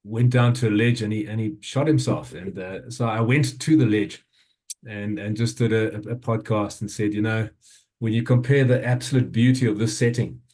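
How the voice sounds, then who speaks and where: At a summit, a South African man in his fifties shares a personal story earnestly but haltingly, often restarting sentences and leaning on fillers. His voice is lowish, darkish, and steady in tone.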